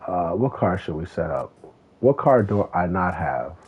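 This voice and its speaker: A man's voice: deep voice, very animated, a little slow, breathy edge. A man streaming a racing game, chatting casually and telling a rambling story with lots of swearing. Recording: tinny phone-like sound.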